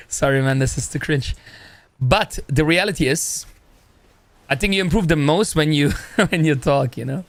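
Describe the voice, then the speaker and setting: A young man, talking in a loose, rambling, slangy way with plenty of "bro", pitched somewhat high for a man. His voice is close to the mic and dry, with no room sound. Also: normal speed, no echo. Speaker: streamer. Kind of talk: casual live-stream chat.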